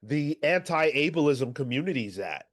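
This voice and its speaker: A man co-hosting a comics podcast, reading chat and ranting in an animated, exasperated way. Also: fairly high pitch, a little slow. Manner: animated, swears, exasperated rants. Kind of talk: casual chat.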